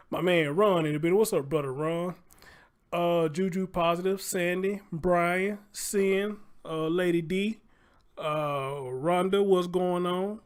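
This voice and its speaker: A man's voice: sits high, takes it slowly, clean tone. Chatty man hosting a livestream. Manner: loose, chatty, swears freely, repeats phrases. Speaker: livestream host. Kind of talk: casual livestream commentary.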